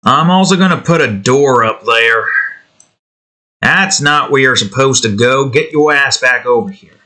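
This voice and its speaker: Guy building his game and chatting away, bright voice, swears a lot, talks to the stuff on screen, hams up a fake redneck drawl. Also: mid-range voice, unhurried. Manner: rambling, swears, talks to the objects he edits; jokingly puts on a redneck drawl. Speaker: hobby game developer. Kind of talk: casual commentary while building a game.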